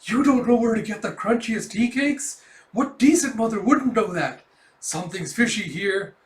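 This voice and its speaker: A man's voice: moderate pace, lightly acted. A man voicing a suspicious neighbor woman who scolds shrilly, with an echoey room and the mic at a distance. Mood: accusing. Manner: accusing, shrill.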